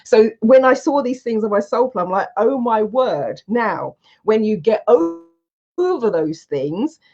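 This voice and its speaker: A woman in her forties, a coach from the United Kingdom, telling her story to an online audience in an animated, emphatic way from a room at home. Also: fairly high pitch, a little slow. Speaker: coach and soul plan reader. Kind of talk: casual talk to an online audience. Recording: slightly dull, lo-fi audio.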